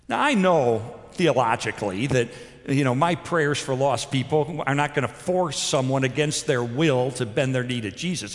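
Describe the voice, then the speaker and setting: A man preaching a sermon, telling stories with animated delivery, moving between loud emphasis and soft intensity. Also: mid-range voice. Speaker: pastor. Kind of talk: sermon with storytelling. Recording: long hall reverb.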